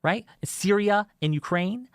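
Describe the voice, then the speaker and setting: A man's voice: high voice, measured pace, smooth, no room sound, studio quality. A man hosting a casual discussion, arguing his points earnestly and often restarting his sentences. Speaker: debate show host reviewing his own debate.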